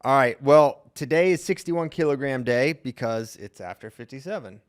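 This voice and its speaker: Upbeat podcast host, smooth clear voice. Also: male voice, mid-range voice, normal speed. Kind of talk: casual podcast chat.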